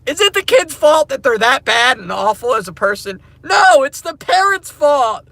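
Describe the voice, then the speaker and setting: A man ranting casually to camera as a crypto mining vlogger, excitable and slangy, laughing often. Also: very high voice, normal speed, vocal fry, no echo.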